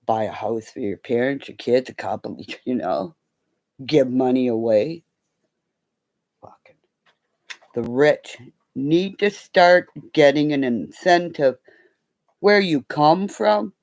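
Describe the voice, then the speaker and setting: A woman's voice: a bass voice, slow pace, long pauses. A middle-aged woman telling rambling, profane stories in casual chat, acting out the voices of the people in them. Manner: profane, animated, acts out quoted voices. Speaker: live streamer.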